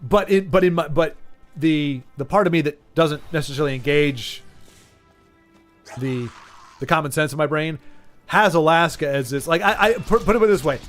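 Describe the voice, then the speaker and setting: A man with a somewhat bright voice on the high side speaks at normal speed, soft music in the background. He's streaming a game and chatting loosely with viewers, wandering off topic and stumbling over words.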